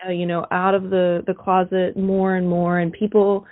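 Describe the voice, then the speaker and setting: A woman's voice: on the low side, level tone, normal speed. A woman coach hosting an interview. She listens in an affirming, reflective way, then shares her thoughts. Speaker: host and coach. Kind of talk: interview conversation. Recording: tinny phone-line sound.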